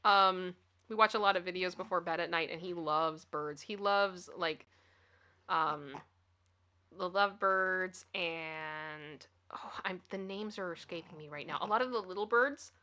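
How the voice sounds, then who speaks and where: A woman's voice: fairly low pitch, a little slow, pushed and bright, dull audio. A woman hosting a casual livestream, chatting with viewers, reading their comments aloud and giggling often. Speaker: livestream host. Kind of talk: casual chat with live viewers.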